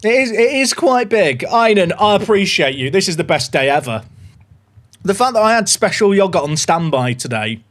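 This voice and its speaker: A young man hosting a casual livestream, chatty and excitable as he talks to his viewers. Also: high voice, moderate pace. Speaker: livestream host.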